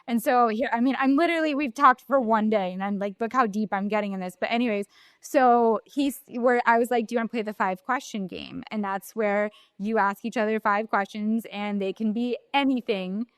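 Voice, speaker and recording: A young woman co-hosting a podcast chats casually and tells a story, using lots of fillers. Her voice is a little high, at a moderate pace, with no echo.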